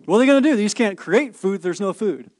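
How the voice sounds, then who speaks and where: Lively high-voiced man preaching. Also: quick pace, no echo. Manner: animated storytelling, rhetorical questions, playful asides. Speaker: pastor. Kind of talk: sermon.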